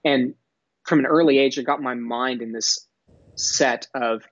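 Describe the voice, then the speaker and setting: A man's voice: mid-range voice, fairly even intonation, unhurried, no echo, highs cut off. A young man from Texas speaking mostly neutral American English, talking as an entrepreneur guest in a podcast interview in an articulate, earnest way with some restarts. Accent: none, mostly neutral American with a faint Texas drawl at times. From Dallas, Texas.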